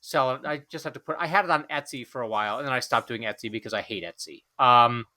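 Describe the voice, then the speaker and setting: A man's voice: mid-range voice, fast talker, pushed and bright. A man co-hosting a casual podcast chat, telling a rambling story full of fillers and restarts. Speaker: podcast co-host.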